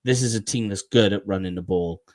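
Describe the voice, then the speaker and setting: A man co-hosting a sports podcast in easygoing casual chat, agreeable and a little halting. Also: on the low side, crowd noise. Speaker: podcast co-host.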